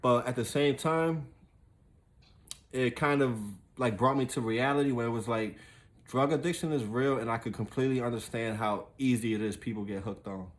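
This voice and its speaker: A young man telling a story in casual, profane talk, full of fillers and restarts. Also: mid-range voice. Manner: loose and profane, with frequent fillers and laughs.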